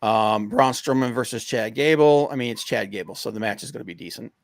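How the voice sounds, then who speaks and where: A man co-hosting a casual wrestling podcast, rambling with lots of fillers and breaking into excited rants. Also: medium pitch, a little fast, creaky, dry recording, clean studio sound. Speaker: podcast co-host.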